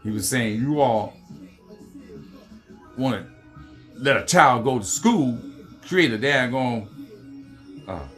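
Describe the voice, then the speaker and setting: A man's voice: medium pitch, expressive, slow pace, pauses often, a bit bright, soft background music. A man from the United States hosting a heated political commentary rant, swearing often and repeating "you know what I mean". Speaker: commentary host.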